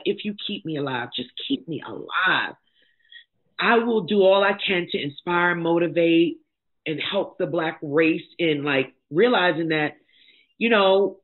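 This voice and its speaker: A middle-aged woman, a life coach and motivational speaker, telling her own story as a guest, blunt and emphatic in a candid, animated way. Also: on the low side, slightly rough. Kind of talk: candid personal storytelling in conversation. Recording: tinny phone-like sound.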